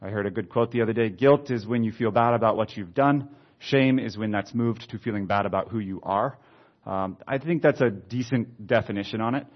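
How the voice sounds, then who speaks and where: A man preaching, reading scripture aloud slowly and then adding conversational comments. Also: on the low side. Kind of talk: expository Bible teaching. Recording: slightly dull lo-fi sound.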